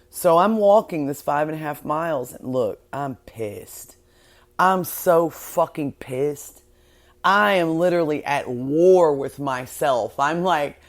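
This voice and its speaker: A woman hosting a spiritual podcast monologue, talking fervently and self-assuredly, swearing heavily and repeating words for emphasis. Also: low-pitched. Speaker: podcast host.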